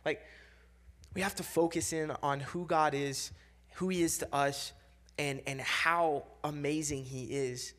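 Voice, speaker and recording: A man's voice: on the high side, steady tone, a little slow, fairly bright tone. A young man giving a casual sermon, talking loosely with many fillers and repeats and acting out quoted voices.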